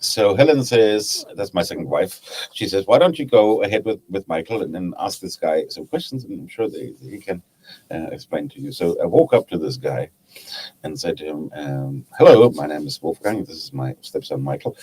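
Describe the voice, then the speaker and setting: A man's voice: deep voice, moderate pace, darkish tone, breathy edge, poor audio. A man with a German accent, a guest telling anecdotes in a casual chat about his woodturning club. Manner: chatty, laughs at his own anecdotes.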